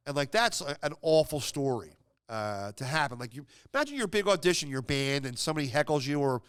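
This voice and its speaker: A rambling male podcast host retells a story in a loose, chatty way, stumbling through fillers and restarts. His voice sits a little high and comes across smooth and resonant. The sound is close and dry, with no room around it. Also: fairly bright tone, no room sound. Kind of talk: casual storytelling, retelling an anecdote from a book.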